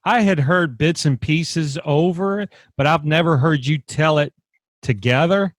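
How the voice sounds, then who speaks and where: A man's voice: on the high side, measured pace, dry recording. A man chatting casually on a podcast, reacting to a story with laid-back jokes. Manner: laid-back, joking asides. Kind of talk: casual conversation.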